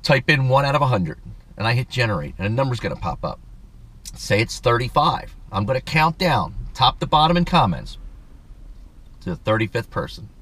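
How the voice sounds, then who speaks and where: Casting note: man, vlog host, rambling rant, mid pitch. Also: fairly quick, slightly rough. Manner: ranting, swears then apologizes, animated. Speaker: channel host. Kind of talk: casual rambling vlog talk.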